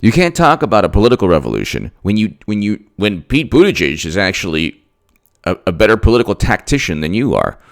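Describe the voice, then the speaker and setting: A man's voice: lowish voice, big pitch swings, a little fast, creaky. A man giving emphatic political commentary straight to his audience, repeating himself and firing off rhetorical questions.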